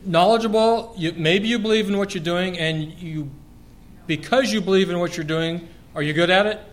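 A man preaching a sermon, lively and joking, quizzing the congregation as he goes. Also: high-pitched, moderate pace.

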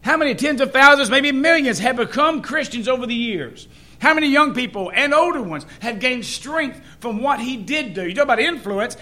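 A preacher delivers a sermon with a high, bright voice. He talks in a folksy way and keeps putting questions to the congregation. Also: animated, brisk.

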